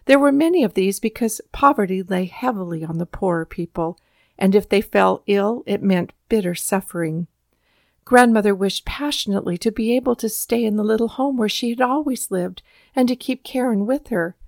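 A woman narrating a storybook in a calm, measured and gentle way. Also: mid-range voice, vocal fry, no room sound, studio quality. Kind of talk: storybook reading.

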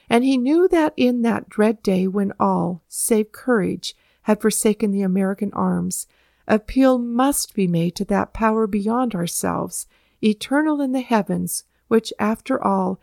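Gravelly-voiced woman narrating solemnly. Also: medium pitch, darkish tone, no echo, studio quality. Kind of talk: read-aloud historical narration.

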